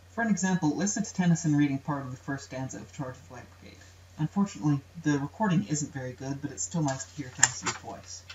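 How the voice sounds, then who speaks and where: A man's voice: on the high side, fast, darkish tone. A young man, a student presenter, narrates an educational video in a plain explanatory way, sometimes chanting rhythms aloud. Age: young adult. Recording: roomy, distant, dull amateur recording with faint hiss.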